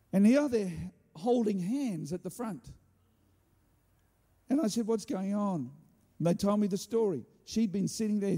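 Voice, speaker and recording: Guy preaching, kinda high mellow voice, tells stories w/ jokes, big hall echo. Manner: animated, humorous asides. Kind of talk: sermon with storytelling. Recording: hall reverb.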